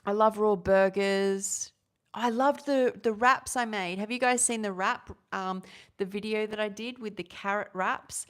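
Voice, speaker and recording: A woman's voice: medium pitch, steady tone, clear, resonant tone. A woman, chatting casually and rambling through a live vegan recipe vlog. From Australia. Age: 30s. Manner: rambling, chatty, self-interrupting, quick laughs.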